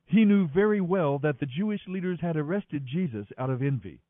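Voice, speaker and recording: A man doing a daily Bible reading in an expressive, dramatic manner. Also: fairly high pitch, fairly quick, no echo. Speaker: scripture reader. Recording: thin phone-like sound, dry.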